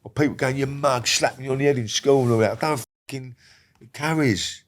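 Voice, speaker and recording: A man's voice: mid-range voice, quick pace. An older man, a guest on a podcast, talking bluntly with constant swearing and rambling restarts. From England. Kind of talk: casual interview talk.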